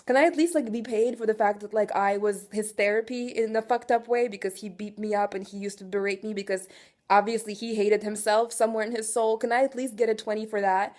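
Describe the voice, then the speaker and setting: A woman in her twenties venting in an emotional confessional rant, raw and profane, swinging from quiet weariness to loud exasperation and asking again and again whether you follow her. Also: mid-range voice, steady tone, a little fast. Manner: raw, profane, keeps asking "do you know what I'm saying". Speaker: vlogger.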